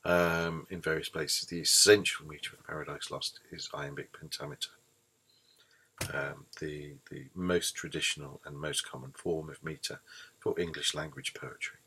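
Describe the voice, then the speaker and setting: A man's voice: very deep voice, fairly even intonation, moderate pace, sharp tone, husky. A man giving a screencast lecture on poetry, thoughtful and explanatory, with frequent ums and restarts. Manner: hesitant, many ums and restarts.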